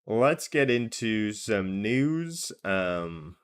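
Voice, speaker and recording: A man's voice: fairly low pitch, sing-song, very slow, clear, resonant tone. A man co-hosting a gaming podcast in a casual, chatty way, with plenty of ums and uhs. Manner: chatty, filler-heavy, upbeat. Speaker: podcast co-host.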